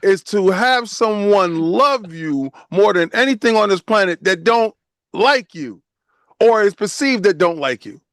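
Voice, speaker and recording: American male co-host, high voice, emphatic and repetitive, dry close mic. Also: lively intonation, a little slow, a bit bright, no room sound. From United States. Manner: emphatic, repeats phrases. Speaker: podcast co-host. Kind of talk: casual podcast chat.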